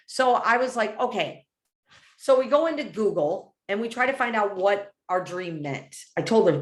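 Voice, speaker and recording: Woman with a low gravelly voice, earnest rambling pep talk, echoey room. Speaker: motivational speaker. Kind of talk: motivational talk.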